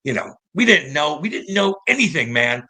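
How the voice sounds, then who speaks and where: A man in his thirties from St. Louis, a former pro hockey player telling stories in a casual, animated and profane interview. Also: a little high, moderate pace. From St. Louis, United States. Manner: animated, profane, acts out quoted voices.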